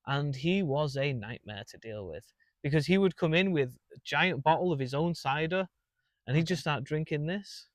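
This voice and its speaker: Young manchester guy, lively storyteller, kinda high voice, dry close mic. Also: normal speed, no room sound. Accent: Mancunian English. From England. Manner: animated, laughing storyteller. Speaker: guest comedian. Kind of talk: casual storytelling.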